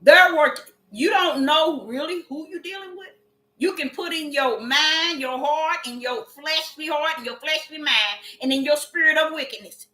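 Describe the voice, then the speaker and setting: A woman's voice: high-pitched, moderate pace, sharp tone. A woman preaching a sermon in an emphatic way, repeating her phrases and drawing out the scripture she reads. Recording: echoey room with faint music.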